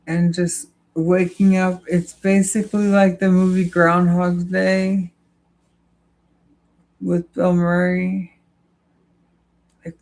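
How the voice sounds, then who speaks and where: Young streamer, super slow and draggy, monotone, lots of likes and uhs, kinda worn out. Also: mid-range voice, rough recording. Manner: slow, halting talk full of "like" and "uh" fillers. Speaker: livestreamer answering chat. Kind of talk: casual livestream chat.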